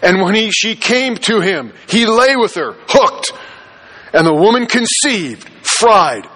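A man with a notably high voice delivers a sermon from the pulpit. He preaches with emphasis, repeats his key phrases and keeps asking the congregation questions. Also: lively intonation, slow, fairly bright tone, low-quality recording. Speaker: pastor.

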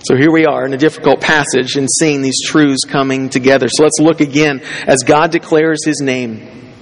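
A man's voice: mid-range voice, fairly even intonation, normal speed, big-room sound. A pastor preaching a casual, conversational sermon, often restarting his sentences.

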